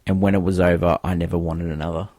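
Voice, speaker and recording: A brooding, hard-bitten army captain, as a man reads him out in a low, slow voice. The delivery is heavy and unhurried. The recording is dry and close. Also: level tone, darkish tone, no echo, natural voice.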